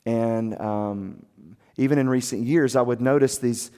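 Soft-spoken pastor man in a reverberant hall. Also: medium pitch, unhurried, clear, resonant tone. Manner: earnest, confessional storytelling. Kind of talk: sermon.

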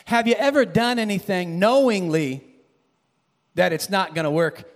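A man preaching a sermon, animated, building to shouted emphasis and dropping low again. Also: normal speed, big-room sound.

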